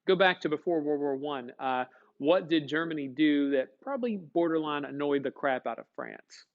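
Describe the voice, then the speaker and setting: A man teaches a history class in a folksy, chatty style, often pausing to put questions to his students. His voice is a bit high for a man and moves at a moderate pace, and the recording sounds dull and lo-fi.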